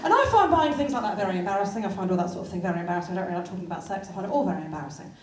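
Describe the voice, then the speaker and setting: Animated woman doing stand-up comedy live. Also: medium pitch, very fast, reverberant. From England. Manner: chatty, self-deprecating, animated storytelling. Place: comedy venue stage. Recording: live theatre, far mic, crowd laughter.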